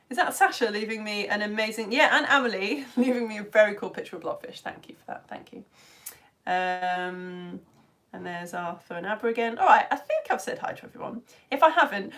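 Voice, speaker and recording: A woman presenting a live-streamed science lesson for home educators, chatty and excitable as she greets viewers by name. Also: mid-range voice, fairly quick. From United Kingdom.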